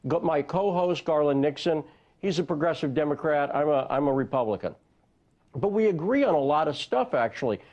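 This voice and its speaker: A man who hosts a radio show, speaking as a panel guest in a conversational, animated way. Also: fairly high pitch, brisk, dull audio. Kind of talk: debate commentary.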